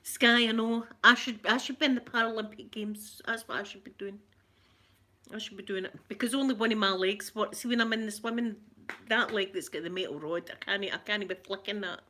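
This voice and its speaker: Glaswegian woman nattering away to her viewers, bright voice, chatty, repeats herself. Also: medium pitch, steady tone, brisk. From Scotland. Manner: chatty, repeats phrases, laughs often. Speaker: ASMR livestream host. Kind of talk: casual chat with viewers.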